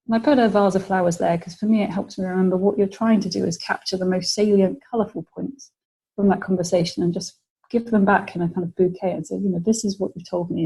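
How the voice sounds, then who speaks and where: A woman's voice: mid-range voice, warm tone, husky, rough recording. A British woman presenting a webinar lecture, explaining ideas and acting out example phrases for clients.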